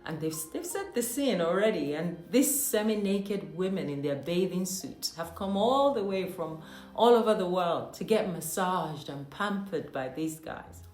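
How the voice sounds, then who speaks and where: A woman's voice: on the low side, animated, measured pace, a little mellow. A woman from Nigeria telling a personal story in a monologue. She talks animatedly, with mock-outraged asides, and laughs often. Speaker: host. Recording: echoey room with faint music.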